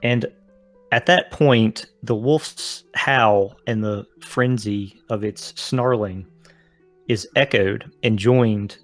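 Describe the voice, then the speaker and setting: A man narrating a tabletop game as game master, with dramatic descriptions and filler pauses. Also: lowish voice, soft background music.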